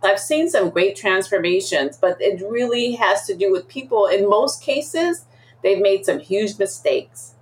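A woman's voice: medium pitch, a little slow. A woman speaking as a guest expert on emotional intelligence in an interview, telling vivid stories and acting out examples. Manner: animated storyteller acting out examples. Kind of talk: interview conversation.

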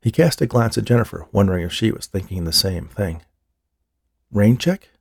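A man narrating an audiobook in a steady, even storytelling manner. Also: low-pitched, quick pace, vocal fry, breathy edge, no echo, studio quality. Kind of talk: scripted narration.

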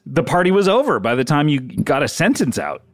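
A man's voice: a little high, very animated, fairly quick, no echo. A middle-aged man co-hosting a comedy podcast, teasing his partner and laughing often. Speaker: podcast co-host.

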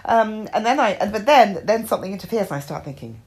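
A woman's voice: medium pitch, lively intonation, fast talker, few pauses, darkish tone. A woman co-hosting a podcast in casual chat, wry and self-mocking, swearing now and then. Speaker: podcast co-host.

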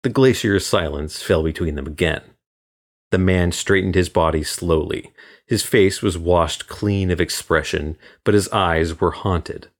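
A man from Florida reading a crime story as guest narrator in measured, even storytelling. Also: sits low. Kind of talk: scripted audiobook narration.

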